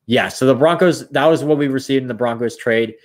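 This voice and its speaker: A man's voice: mid-range voice, brisk. Tired young man thinking aloud. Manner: thinks aloud, rambling with restarts. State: yawning, tired. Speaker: streamer running mock drafts. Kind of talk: casual live-stream commentary.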